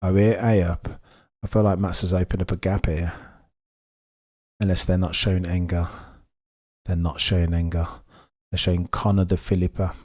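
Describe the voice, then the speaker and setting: Deep-voiced Birmingham man chatting live. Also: normal speed. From England. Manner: chatty, excitable, reads and answers viewer messages. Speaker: livestream host. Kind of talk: casual live race commentary.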